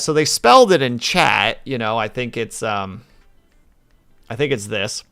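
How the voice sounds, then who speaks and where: A man's voice: mid-range voice, expressive, normal speed, pushed and bright, smooth, faint music behind. A male streamer chatting casually while drawing, telling rambling stories and teasing his viewers. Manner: rambling anecdotal storytelling; playful teasing.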